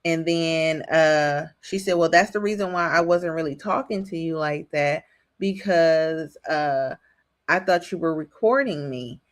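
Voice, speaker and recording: A woman talks through reality TV gossip in a casual, rambling way, full of ums and restarts. Her voice sits on the low side, and she takes her time. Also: measured pace. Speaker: reality TV commentary host. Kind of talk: casual commentary monologue.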